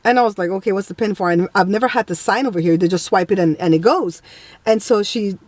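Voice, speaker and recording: A woman vlogger telling a story in a casual, animated way, indignant and blunt. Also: medium pitch, fast, dry recording.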